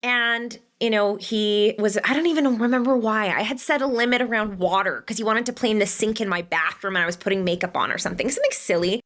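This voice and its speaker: A woman's voice: medium pitch, fast talker, few pauses, fairly bright tone. A woman hosting a podcast, chatty, recounting personal memories with little asides. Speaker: podcast host. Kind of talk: conversational interview.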